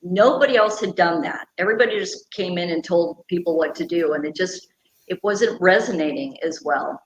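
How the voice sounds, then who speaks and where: A woman's voice: on the low side, moderate pace, lo-fi sound. A middle-aged woman being interviewed, talking earnestly and at length about her conservation work. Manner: earnest, passionate, explains at length. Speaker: guest, radio personality and conservation founder. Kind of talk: conversational interview. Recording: echoey room, faint background hum.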